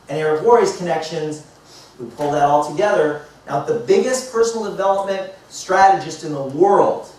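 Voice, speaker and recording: A man speaking as a motivational speaker, telling a story to a live audience and acting out the dialogue in a lively way. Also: on the high side. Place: large indoor hall. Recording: echoey hall picked up from far off.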